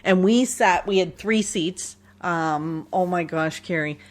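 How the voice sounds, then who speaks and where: A woman from Canada hosting a podcast, telling stories in a casual, animated way and laughing often. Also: fairly low pitch, slow pace. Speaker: podcast host. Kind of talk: casual storytelling chat.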